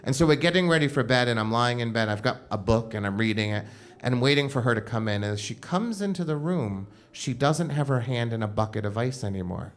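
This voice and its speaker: A man's voice: mid-range voice, animated, fairly quick. A man telling a personal story on stage at a live show, casual and comic, with frequent "like" fillers. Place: live show at a club venue.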